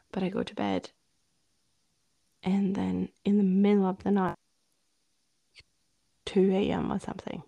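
A woman co-hosting a podcast, telling a personal story in a candid, rambling way and often dropping into a hushed voice. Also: mid-range voice, gravelly, dry recording, dull audio. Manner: candid, rambling, drops into hushed whispers when retelling. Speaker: podcast co-host. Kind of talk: casual storytelling chat.

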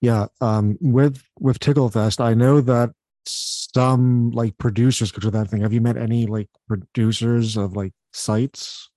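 A man hosting a podcast, asking questions in a relaxed, hesitant way. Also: mid-range voice, a little slow, few pauses, no room sound. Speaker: podcast host. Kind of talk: casual interview.

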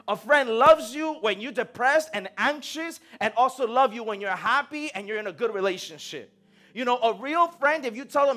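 High-voiced young man preaching casually. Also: lively intonation, a little fast, bright, forceful tone. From United States. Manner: conversational, slangy preaching with acted-out quotes. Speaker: pastor. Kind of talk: sermon.

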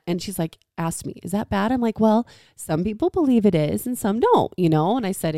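A woman's voice: medium pitch, darkish tone, no echo, studio quality. A woman co-hosting a podcast, telling a family story in casual chat and acting out her daughter's lines. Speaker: podcast co-host.

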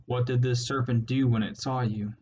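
A man's voice: medium pitch, steady tone, normal speed, mellow, natural voice. A man voicing a menacing, irritable male rat warlord who gives curt orders, in a slightly muffled recording with faint hiss. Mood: irritable, commanding.

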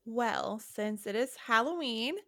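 A woman's voice: fairly high pitch, slow pace, a bit bright, no echo, clean studio sound. A woman guesting on a podcast, chatting casually about history and laughing at her own stumbles over words.

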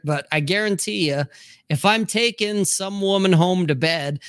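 High, bright-voiced man telling crude stories. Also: normal speed, dry recording, clean studio sound. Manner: crude, animated storytelling. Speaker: podcast host. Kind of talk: casual livestream chat.

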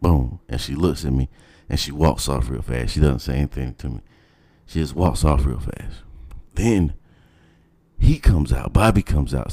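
A man telling a personal story in a blunt, animated, casual way. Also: a bass voice. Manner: animated, blunt, swears freely.

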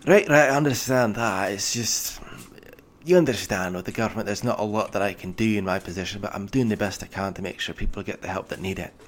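A man's voice: lowish voice, quick pace, a little hiss or hum, close to an everyday voice. A man voicing an older male dwarf official who sounds tired and placating, like a worn-out bureaucrat. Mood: weary, wry.

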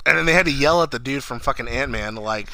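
A young man chatting casually as a podcast co-host, excitable, swearing a lot and acting out quotes loudly. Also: medium pitch, quick pace, gravelly, low-quality recording. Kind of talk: casual chat.

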